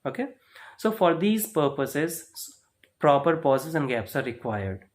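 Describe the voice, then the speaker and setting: A man's voice: a little high, big pitch swings, unhurried. A man teaching a spoken lesson, explaining step by step and checking in with "right?" and "okay?". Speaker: English speaking teacher.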